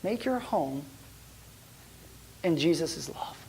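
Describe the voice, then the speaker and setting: A man preaching a sermon as a pastor, telling a personal story in a conversational way, with frequent restarts, often dropping to hushed, near-whispered tones. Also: a little high, animated, slow, gravelly, a little hiss or hum.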